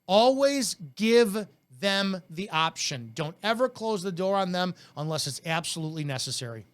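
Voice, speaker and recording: Man, high voice, blunt, aggressive, in-your-face sales coaching talk. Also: expressive, normal speed, clear, resonant tone. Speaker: network marketing trainer.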